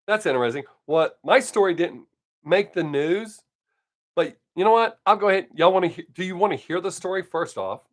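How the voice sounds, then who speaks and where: With a high, animated voice and a brisk delivery, an older man chats casually from home on his live stream. His storytelling is blunt and heavy with swearing.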